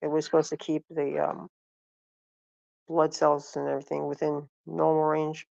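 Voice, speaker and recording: Middle-aged woman vlogger, deep and gravelly, rambling and self-correcting, muffled lo-fi recording. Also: monotone, normal speed, darkish tone, no echo. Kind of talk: casual storytelling.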